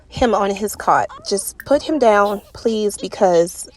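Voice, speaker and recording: A woman hosting a let's play, commenting on the game in an exasperated, animated way and talking to the characters on screen. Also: medium pitch, takes it slowly. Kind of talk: gameplay commentary.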